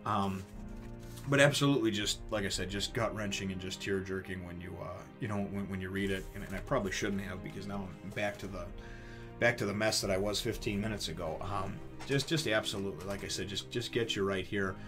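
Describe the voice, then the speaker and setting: A man's voice: low voice, steady tone, brisk, over music. Rambling, emotional man reviewing a comic. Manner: rambling, emotional, many fillers and restarts. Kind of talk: casual spoken review.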